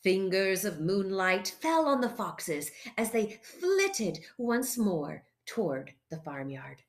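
A woman reading a children's picture book aloud, narrating in an expressive, playful way. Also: medium pitch, slow pace. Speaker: storyteller.

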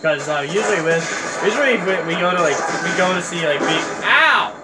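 A man giving casual, rambling and excitable commentary on a game he is playing. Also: high voice, fast talker. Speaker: let's play host. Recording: voice over game music.

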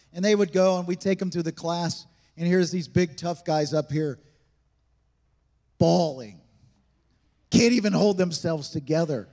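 Male pastor, high voice, emphatic conversational sermon, big hall reverb. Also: mellow. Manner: emphatic, conversational preaching with rhetorical questions. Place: church sanctuary.

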